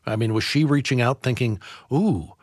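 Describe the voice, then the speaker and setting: A man hosting a podcast, thinking aloud in a halting, searching way. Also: fairly low pitch, dry recording, clean studio sound. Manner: thoughtful, halting, searching for words. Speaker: podcast host. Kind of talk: reflective discussion.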